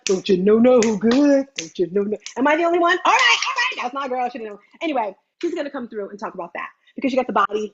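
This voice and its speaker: Brief: woman, fifties, fitness host, lively live-stream pitch, bright high voice, slightly muffled audio. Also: breathy edge. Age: 50s. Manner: animated, chatty, repeats phrases for emphasis. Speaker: host of an online fitness meeting.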